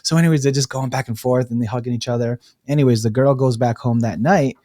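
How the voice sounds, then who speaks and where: A man, a guest on a talk show, telling stories in an animated way, acting out quotes and laughing easily. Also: medium pitch, quick pace, dry recording, clean studio sound. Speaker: breathwork facilitator, guest. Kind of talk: casual storytelling interview.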